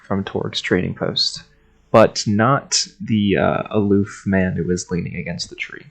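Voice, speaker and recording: A man with a low, gravelly voice runs a tabletop game in a relaxed way, laughing often. He calls for rolls and describes scenes in a loose, chatty manner. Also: measured pace, rough recording. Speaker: game master.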